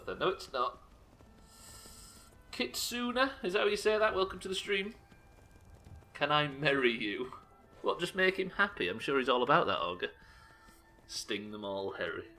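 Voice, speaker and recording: Guy streaming a game, bright voice, chatty, jokes with chat, swears a lot. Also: medium pitch. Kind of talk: casual commentary while playing.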